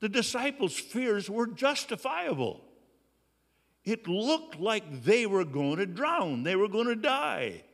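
A man preaching a sermon, earnest and slow, with dramatic pauses. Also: high voice, very animated, vocal fry, a bit bright, in a large hall. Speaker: pastor.

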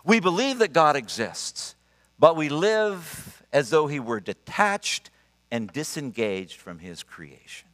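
Lively high-voiced preacher in a big hall. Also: male voice, slow pace. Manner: animated storytelling, emphatic and earnest. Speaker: pastor. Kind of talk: sermon. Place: church sanctuary. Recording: long reverb of a large church hall.

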